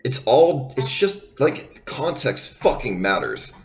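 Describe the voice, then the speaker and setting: A man's voice: medium pitch, sing-song, slow pace, slight background noise. A young man streaming live, ranting to his viewers in a heated, defensive way, swearing a lot and rambling with many restarts. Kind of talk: unscripted rant to viewers.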